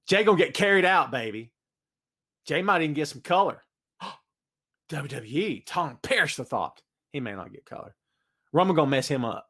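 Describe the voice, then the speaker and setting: A fairly high-pitched man speaks at normal speed with frequent pauses as he hosts a solo live-streamed wrestling podcast. His style is an animated rant, hyping predictions and reading out chat comments.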